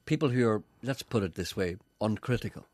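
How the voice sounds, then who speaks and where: A man's voice: lowish voice, brisk, darkish tone, dry recording. An older man, a radio presenter chatting and telling stories in a rambling way, often repeating "you see". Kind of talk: casual chat.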